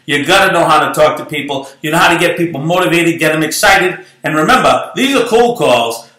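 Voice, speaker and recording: Brief: middle-aged New broker, self-promoting pep talk, sharp high voice. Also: male voice. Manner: rambling, animated, self-promoting. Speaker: real estate broker. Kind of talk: casual motivational monologue. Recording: echoey room.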